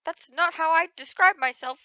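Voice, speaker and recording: A woman voicing an unborn male fetus, a double of the hero, speaking in a calm, matter-of-fact way. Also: very high voice, normal speed, dry recording, highs cut off, voice pushed up.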